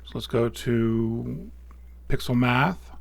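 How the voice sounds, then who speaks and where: A man hosting an astrophotography tutorial, talking casually through software steps and correcting small slips as he goes. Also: mid-range voice, takes it slowly, gravelly. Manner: relaxed, thinking aloud with small slips and self-corrections. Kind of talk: casual screen-recorded software walkthrough.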